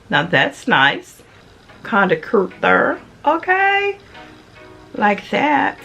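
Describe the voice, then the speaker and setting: A woman's voice: low voice, fairly bright tone. A middle-aged woman in a casual unboxing vlog, chatty and playful, calling her viewers honey and y'all. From Memphis, Tennessee area. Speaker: vlogger.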